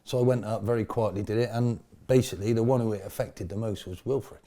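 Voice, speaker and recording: A man's voice: on the low side, steady tone, fast talker. A middle-aged man, a former football manager, telling colourful stories in an interview at a pub, full of slang. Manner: colourful slang, bursts of loud laughing shouts. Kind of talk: animated storytelling interview.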